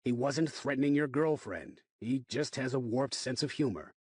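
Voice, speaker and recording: Guy doing a big dorm RA, firm and bossy, husky. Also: medium pitch, moderate pace, darkish tone, no echo, clean studio sound, close to an everyday voice. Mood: commanding. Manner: firm, commanding. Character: big authoritative male resident advisor.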